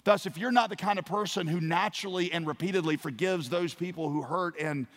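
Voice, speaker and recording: A man preaching a sermon as a pastor, telling a parable with acted-out voices and swings from quiet to loud. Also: high-pitched, a little fast. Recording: long hall reverb.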